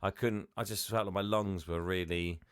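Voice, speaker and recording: A man's voice: sits low, fairly even intonation, moderate pace, a bit bright, clean tone, dry recording, clean studio sound. A man co-hosting a podcast, talking casually and hesitantly, often laughing. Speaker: podcast co-host. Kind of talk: casual chat.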